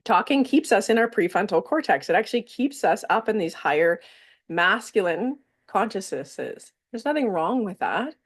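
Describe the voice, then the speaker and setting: A woman leading a somatic wellness workshop, explaining calmly and stretching out some words with pauses between phrases. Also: medium pitch, husky.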